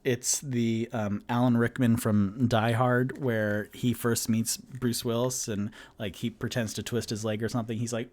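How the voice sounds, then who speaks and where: A man's voice: mid-range voice, normal speed. Chatty man reading stream chat. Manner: chatty, laughing, stalling while reading chat. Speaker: host and dungeon master. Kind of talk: casual live-stream chat.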